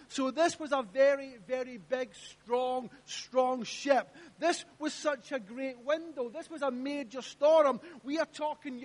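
High-voiced preacher. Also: male voice. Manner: emphatic, repeats phrases, asks the congregation questions. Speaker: pastor. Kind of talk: sermon. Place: church.

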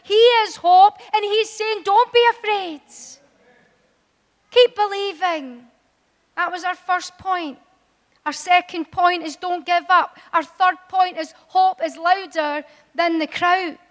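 A woman preaching a sermon in a church, impassioned and building to loud, emphatic appeals. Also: very high-pitched, steady tone, unhurried. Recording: long hall reverb.

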